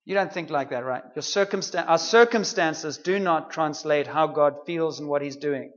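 A man's voice: a little high, normal speed, a bit bright, dull audio. A man preaching a sermon in a conversational, humorous way, with playful asides to the congregation.

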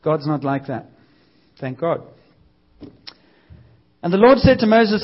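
A man preaching a sermon in a church service, with a conversational, energetic delivery and lively quoted voices. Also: on the high side, slow pace, pauses often. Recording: dull lo-fi sound.

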